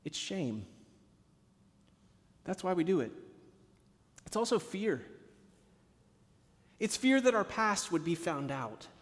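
Pastor preaching in a reverberant hall. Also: male voice, high-pitched, big pitch swings, slow, pauses often. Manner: storytelling, swings from hushed to emphatic. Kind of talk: sermon.

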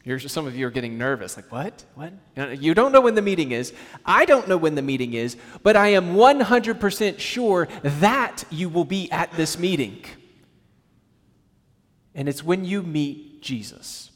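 Animated preaching man, church reverb. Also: fairly high pitch, normal speed. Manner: animated, conversational preaching with acted-out quotes. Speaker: pastor. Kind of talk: sermon. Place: church sanctuary. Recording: church hall with long reverb.

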